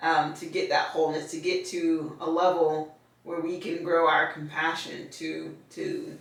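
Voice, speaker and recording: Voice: medium pitch, level tone, unhurried, creaky. A life coach guest in a casual faith conversation, speaking reflectively and laughing easily. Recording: very echoey room, far from mic.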